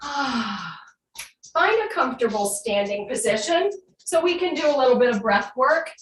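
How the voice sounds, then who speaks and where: A woman instructor guiding an online fitness class with calm cues, then leading slow breath work and affirmations. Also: sits high, distant mic. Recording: echoey room, voice from off-mic, faint hum.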